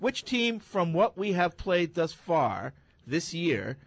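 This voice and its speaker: A man's voice: fairly high pitch, sing-song, slow pace, gravelly, slightly rough, dry recording. Laid-back man hosting sports talk. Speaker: host reading listener emails.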